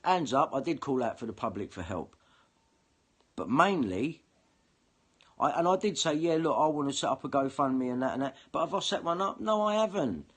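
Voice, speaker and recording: A man's voice: medium pitch, animated, moderate pace, a little hiss or hum. A man ranting angrily and swearing in a monologue to camera. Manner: heated, sweary, confrontational. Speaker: vlogger.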